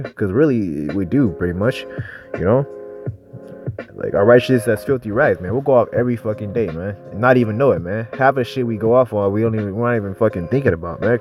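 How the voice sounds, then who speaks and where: Young male street preacher, lowish voice, loose and profane, faint music underneath. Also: a little mellow. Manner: rambling, profane, street talk with constant "man". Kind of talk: informal religious teaching.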